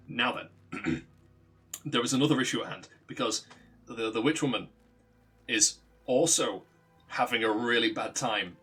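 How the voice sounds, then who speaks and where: Husky man telling a story with lots of swearing. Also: mid-range voice. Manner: animated, laughs often, swears freely. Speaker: streamer recounting a tabletop campaign. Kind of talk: casual storytelling.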